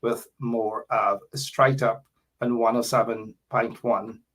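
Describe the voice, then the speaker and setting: A man's voice: medium pitch, fairly even intonation, slow, fairly bright tone. A man from Guyana with a Guyanese accent, hosting a radio talk show in a rambling, chatty way with many fillers.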